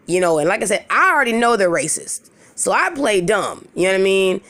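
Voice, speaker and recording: A woman in her thirties telling a story to her viewers in a casual, profane, animated way. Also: fairly low pitch, quick pace. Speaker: storytelling vlogger.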